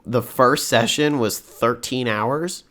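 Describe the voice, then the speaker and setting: A man's voice: medium pitch, slow, fairly bright tone. A young man co-hosting a gaming podcast, chatting and telling stories animatedly with lots of "like" and "you know". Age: young adult. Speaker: podcast co-host. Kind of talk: casual chat.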